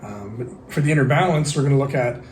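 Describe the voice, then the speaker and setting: A man's voice: medium pitch, fast talker, a little mellow, roomy sound, slight background noise. A man in casual conversation, thinking aloud with many fillers and restarts.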